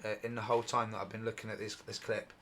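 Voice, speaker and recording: Guy hosting ufo vids, gets all worked up, voice bright and a bit hoarse. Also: lowish voice, fast. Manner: excitable, repetitive, exclaims often. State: voice going hoarse. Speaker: UFO channel host. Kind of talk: excited commentary over footage.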